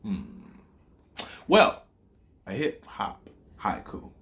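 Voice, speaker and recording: A young man with a Southern accent, teaching a playful lesson that mixes in rap bars. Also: on the low side. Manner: lively, playful, chanting lines slowly for emphasis.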